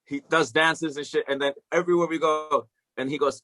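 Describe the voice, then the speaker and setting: A man's voice: a little high, fairly quick, sharp tone. A middle-aged man, an interview guest and music teacher, telling a story casually, acting out the voices of the people in it and swearing freely.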